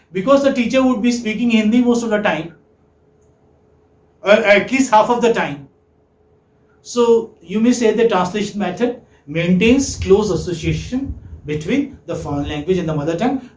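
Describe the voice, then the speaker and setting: Male lecturer, high pitch, quizzes students and repeats points, roomy echo. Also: animated, moderate pace. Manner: asks the class questions and praises answers, repeats points. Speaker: English teaching lecturer. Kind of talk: classroom lecture. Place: classroom. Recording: echoey classroom.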